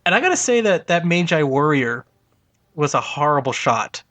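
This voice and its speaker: A man co-hosting a podcast, chatting casually about movies, with frequent laughs and halting restarts. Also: a little high, sing-song, fairly bright tone, dry recording. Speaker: podcast co-host. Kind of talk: casual movie review chat.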